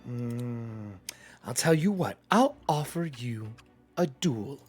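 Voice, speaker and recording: A man's voice: mid-range voice, animated, slow, darkish tone, soft background music. A man voicing a menacing male sand creature in a tabletop game, mocking and possessive in how he talks. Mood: taunting. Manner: mocking, taunting.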